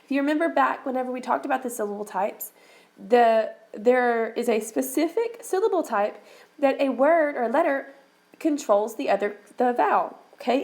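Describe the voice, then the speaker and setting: A woman's voice: on the high side, creaky, darkish tone, poor audio. A woman teacher giving a recorded reading lesson, talking her students through each step and checking in with frequent "okay?" prompts. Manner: encouraging, repeats okay, talks students through steps.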